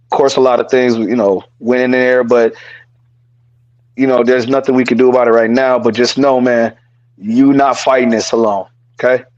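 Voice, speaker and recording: Mid-pitched and a little mellow, this man's voice comes across flat at a normal pace, in a lo-fi recording with no room sound. As a podcast co-host in a casual, heartfelt chat, he repeats himself earnestly and curses casually while supporting someone on a remote call.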